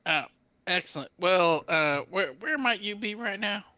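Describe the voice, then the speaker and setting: A man's voice: sits high, expressive, unhurried, sharp tone, no echo, full character voice. A man playing a folksy, drawling adventurer. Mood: easygoing. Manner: folksy drawl, says "feller". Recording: dull, lo-fi mic.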